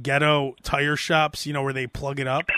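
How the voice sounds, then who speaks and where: A man hosting a podcast, telling animated comic stories in casual chat. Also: mid-range voice, moderate pace, dry recording. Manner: animated storytelling, mimics voices. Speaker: podcast host.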